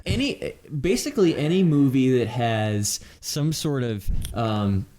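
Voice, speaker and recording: A man hosts a casual podcast, rambling along with frequent restarts and fillers. His voice sits at an ordinary pitch for a man. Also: lively intonation, measured pace, a little mellow, a little hiss or hum. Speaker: podcast host. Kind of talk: casual chat.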